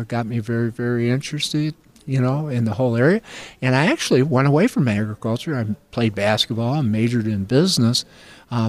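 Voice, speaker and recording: An older man from upstate New York speaks in an earnest, folksy way, drifting into stories as he answers. His voice sits at an ordinary middle pitch. The sound is dry and close, with no room around it. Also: dry recording. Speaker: agricultural finance professor. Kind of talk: interview answers.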